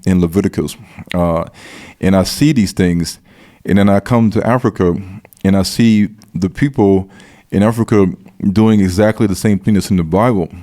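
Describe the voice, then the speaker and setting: Low, mellow-voiced man explaining earnestly. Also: moderate pace. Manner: earnest, repeats and restarts phrases while explaining. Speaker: guest speaker on biblical history. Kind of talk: explanatory conversation.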